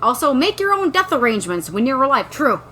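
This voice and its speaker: A woman co-hosts a podcast in loose, jokey conversation, recapping a book. Her fairly high voice swings widely in pitch as she plays out lines from the story. A faint hiss sits under the recording. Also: fast talker, poor audio. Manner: animated, swears freely, acts out quotes in silly voices. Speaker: podcast co-host. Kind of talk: casual book-recap chat.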